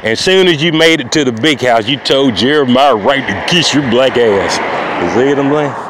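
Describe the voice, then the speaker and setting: A man's voice: mid-range voice, moderate pace. A man talking to camera in a long, rambling monologue outdoors, circling back to the same phrases and asking whether he's understood. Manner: repetitive, keeps asking "you know what I mean". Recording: loud outdoor street noise.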